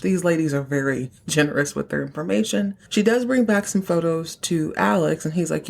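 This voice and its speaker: Chatty woman with a lowish voice. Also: moderate pace, creaky, few pauses. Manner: chatty, playful asides. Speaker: podcast host. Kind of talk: casual episode recap.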